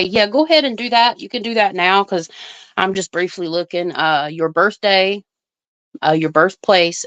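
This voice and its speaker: A woman hosts an astrology livestream, chatting casually and thinking aloud as she reads viewer comments. Her voice is smooth and close-miked with no room echo. The sound is a bit dull and lo-fi. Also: on the low side, a bit bright.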